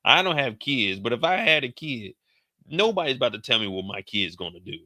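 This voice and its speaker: A young man with a bright, forceful, mid-range voice recaps a show, riffing casually and profanely and dropping into the characters' lines. His delivery is sing-song and a little fast. The recording is close and dry, with no echo or room around it.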